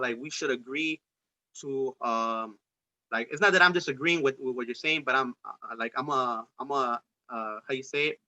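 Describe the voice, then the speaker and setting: Male podcast host, raised-pitch bright voice, loose profane streetwise delivery; dull lo-fi recording. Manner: rambling, profane, streetwise slang. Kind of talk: casual political debate chat.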